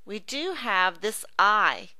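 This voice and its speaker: A woman teaching phonics in an online reading lesson, slowly sounding out and repeating words one by one. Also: mid-range voice, very animated, sharp tone, no echo. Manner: slow, careful, drawn-out word-by-word teaching.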